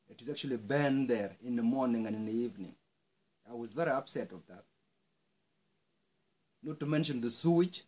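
Man, husky, angry monologue, swearing, heated outbursts, mid pitch. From South Sudan. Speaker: speaker airing grievances. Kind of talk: impassioned monologue.

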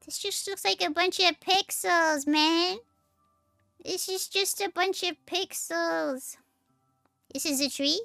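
A woman's voice: very high-pitched, takes it slowly, gravelly, bright, forceful tone, no echo, faint music behind. A woman streaming games, giving playful running commentary and laughing often. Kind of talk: live-streamed gameplay commentary.

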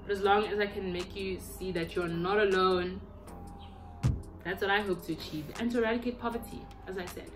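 A woman's voice: medium pitch, steady tone, a little fast. A South African woman in her twenties, a YouTuber chatting casually to the camera from her bedroom at home in a playful, talkative way, with faint music behind her. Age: 20s. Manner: chatty and playful, breaks into silly voices.

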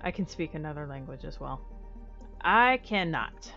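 Low-voiced American woman chatting on stream. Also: lively intonation, moderate pace, sharp tone. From United States. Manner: candid, profane and self-mocking. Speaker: live streamer. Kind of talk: casual chat with viewers. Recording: dull lo-fi stream audio. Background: faint music.

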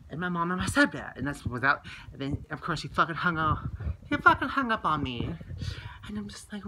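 A woman's voice: on the low side, big pitch swings, fairly quick, bright, forceful tone, a little hiss or hum, rough recording. A woman telling a vlog story in a heated, profane way. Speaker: vlogger.

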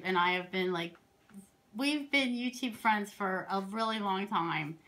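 A woman from Pennsylvania talks through her craft projects in a casual show-and-tell. She rambles happily, stacking asides and side stories. Her voice sits at an everyday middle pitch. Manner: rambling and excitable, with many asides. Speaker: crafting vlogger.

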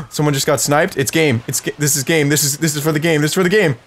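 A young man doing live gameplay commentary for his channel, excitable and talking straight to his viewers. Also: a little high, quick pace, a little hiss or hum. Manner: excitable, talks to viewers, shouts at wins. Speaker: gaming YouTuber.

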